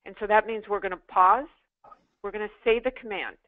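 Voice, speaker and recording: A woman's voice: medium pitch, steady tone, a little fast. Woman coaching over a tinny line. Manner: coaching, emphatic, repeats drills. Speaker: sales trainer. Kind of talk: interactive online class.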